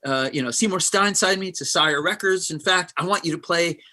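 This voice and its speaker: Brief: high, excited young woman singer, as a man quotes her. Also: brisk. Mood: thrilled. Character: young female singer, thrilled and confident.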